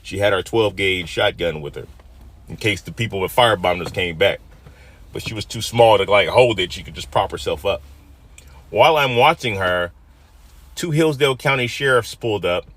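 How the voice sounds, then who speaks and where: A man in his fifties from Detroit tells a personal story in an emotional, dramatic way, dropping to a hush and then rising loud. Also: on the low side, moderate pace. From Detroit, USA. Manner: emotional, dramatic retelling that swings from hushed to loud.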